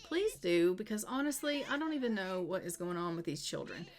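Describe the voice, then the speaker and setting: A woman's voice: mid-range voice, sing-song, a little fast. A woman casually narrating her life-sim gameplay, chatty, with wry asides and frequent laughs. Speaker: let's play narrator.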